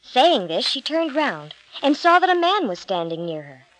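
A woman narrating a storybook, reading aloud in a clear, expressive way. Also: high voice, moderate pace, dry recording, poor audio.

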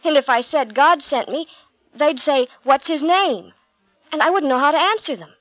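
A woman's voice: sits high, animated, moderate pace, fairly bright tone, dry recording, voice pushed up, poor audio. A woman voicing Moses, a humble, anxious male shepherd, speaking earnestly and pleading in a storybook reading.

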